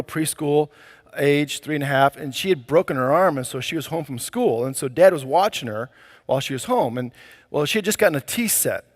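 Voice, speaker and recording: A pastor delivers his sermon in a relaxed, conversational way, with plenty of casual fillers. His voice sits a little high for a man. A long reverb hangs after each phrase.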